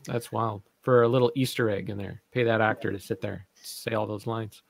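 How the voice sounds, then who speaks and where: A man's voice: fairly low pitch, steady tone, normal speed, vocal fry. A man chatting casually as a podcast co-host, easygoing in the back-and-forth. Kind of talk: casual chat.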